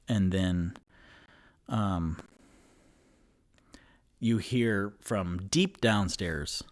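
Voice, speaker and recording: A man narrating a solo tabletop game as game master, rambling and hesitant with many fillers. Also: lowish voice.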